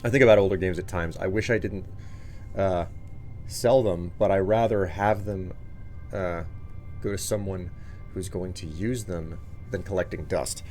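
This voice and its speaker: A man's voice: deep voice, steady tone, moderate pace, a little mellow, soft background music. A man streaming a video game live, joking around and talking casually to his chat. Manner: joking, chatty, talks to chat.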